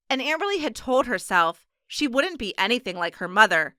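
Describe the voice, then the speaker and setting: A woman reads an audiobook aloud in a steady, measured way. Her voice is bright and crisp, and the recording is close and completely dry. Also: fairly high pitch, no room sound. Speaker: audiobook narrator. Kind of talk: scripted narration.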